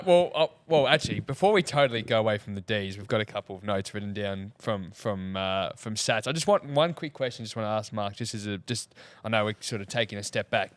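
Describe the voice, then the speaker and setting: A man co-hosts a podcast, and his low, smooth voice sounds close and dry. He asks measured questions. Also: fairly bright tone, no room sound. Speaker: podcast co-host.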